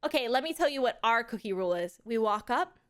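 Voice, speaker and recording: A young adult woman livestreaming, chatting casually with viewers in animated stories full of swearing and laughter. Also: on the high side, fast, no echo, clean studio sound.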